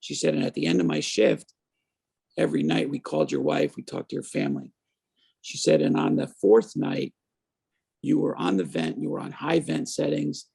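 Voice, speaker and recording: Gravelly man in his fifties telling a story. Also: on the high side, moderate pace. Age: 50s. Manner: animated storyteller acting out quoted voices. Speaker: interview guest. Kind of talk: storytelling in an interview.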